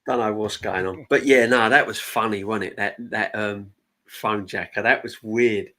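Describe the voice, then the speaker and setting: A man's voice: on the low side, fairly even intonation, moderate pace, pushed and bright. A man hosts a casual live-stream chat and rambles on in a chatty way. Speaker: host. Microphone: remote streaming mic.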